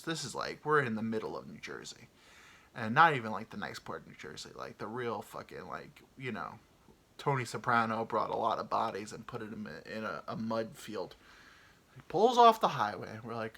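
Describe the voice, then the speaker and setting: A man's voice: on the low side, big pitch swings, normal speed, creaky, pushed and bright, breathy edge. A man hosting a podcast, telling a comic story in a rambling, profane way with lots of fillers. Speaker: podcast host. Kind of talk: casual comedic storytelling.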